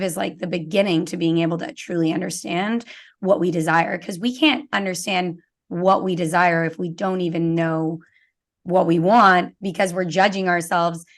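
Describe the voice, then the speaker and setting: Woman, young adult, Canadian accent, guest, casual chat, earnest, filler-heavy, gravelly, creaky. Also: on the low side. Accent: Canadian English. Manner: earnest, filler-heavy, acts out quoted thoughts. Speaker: podcast guest, business owner.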